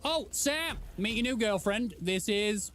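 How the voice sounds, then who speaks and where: A man streaming a game playthrough, talking casually in a joking, excitable way. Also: high voice, a little slow, a little hiss or hum. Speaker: gaming streamer. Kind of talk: casual let's play commentary.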